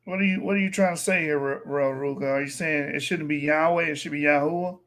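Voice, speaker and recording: A man hosting a casual talk show, reading viewer comments aloud in a relaxed, joking way. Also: fairly high pitch, quick pace. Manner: relaxed, joking, reads out chat. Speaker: host.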